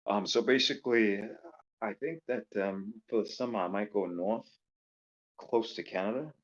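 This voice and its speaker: A man from Louisiana calls in over a voice chat. He rambles and jokes, with plenty of "um"s. His voice is very low, and the call audio sounds a bit dull and muffled. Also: moderate pace. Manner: rambling, joking, many fillers. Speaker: caller. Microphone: voice call microphone.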